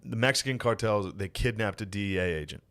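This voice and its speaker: Podcast co-host, man, lowish voice, loose rambling delivery, curses freely. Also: fast, fairly bright tone, smooth. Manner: rambling, profane, trails off mid-sentence. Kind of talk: casual chat.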